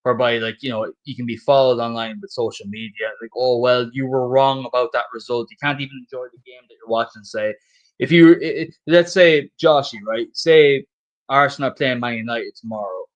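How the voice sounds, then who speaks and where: A man's voice: mid-range voice, brisk, rough recording. Drunk Irishman rambling and swearing. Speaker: guest on a football stream. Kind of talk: casual chat.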